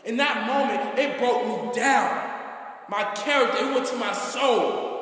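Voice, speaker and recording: A man telling a motivational story with passion, dropping to a hush and rising to shouts. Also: extremely high pitch, a little slow. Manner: impassioned, swinging from hushed to shouting. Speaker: motivational speaker. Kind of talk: motivational spoken-word storytelling. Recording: echoey hall.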